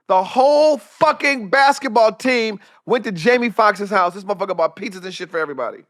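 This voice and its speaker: Guy with a high voice telling wild stories, cussing a lot, doing everybody's voices, dry close mic. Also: brisk, few pauses, fairly bright tone, no room sound. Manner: profane, acts out voices in his anecdotes. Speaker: guest, comedian and director. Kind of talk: animated storytelling in casual chat.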